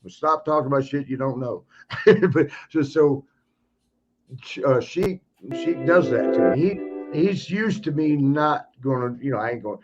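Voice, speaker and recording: A retired wrestler guesting on a podcast tells wrestling stories in casual chat, laughing often and animatedly acting out the people involved. His medium-pitched voice is a little slow, the audio is dull, and faint music plays behind him.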